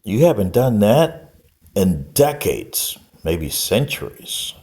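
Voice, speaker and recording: A man's voice: on the low side, sing-song, slow, darkish tone. An older man giving a rambling, scolding lecture-style monologue straight to the camera. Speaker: vlogger.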